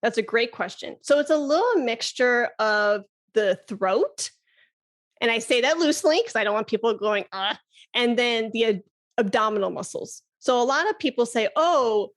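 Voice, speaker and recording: A woman flute teacher talking on a podcast in an animated way, laughing often and demonstrating breath sounds. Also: fairly high pitch, moderate pace. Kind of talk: casual podcast conversation.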